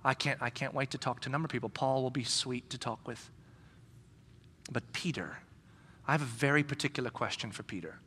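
A male pastor preaching a sermon with animated storytelling, swinging from loud to hushed whispers. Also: mid-range voice, quick pace, hardly any pauses, slight background noise. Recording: long reverb in a large hall.

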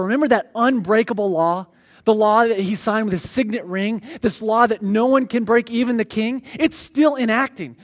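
Animated high-voiced man preaching. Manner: animated storyteller who acts out the characters; reads scripture aloud in a slower, quieter voice. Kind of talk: sermon retelling a scripture story.

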